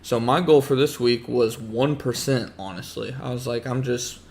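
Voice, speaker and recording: Guy streaming, voice going hoarse, kinda gravelly, rambles and repeats stuff. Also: mid-range voice, normal speed, darkish tone. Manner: rambling, repeats himself, greets chat viewers. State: hoarse, losing his voice. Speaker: livestream host talking trading. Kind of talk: casual livestream chat.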